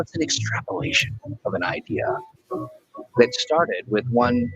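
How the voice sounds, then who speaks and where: A man's voice: mid-range voice, expressive, measured pace, fairly bright tone, faint music behind, low-quality recording. A man co-hosting a livestream chat show, joking and reading chat messages aloud. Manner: jokey, reads chat aloud. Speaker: co-host. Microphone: remote call.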